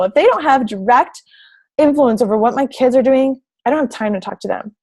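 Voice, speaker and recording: Talking quickly in a slightly mellow voice, a fitness coach enthusiastically presents her team over slides to would-be recruits, bubbly and effusive with lots of "like" and "oh my gosh."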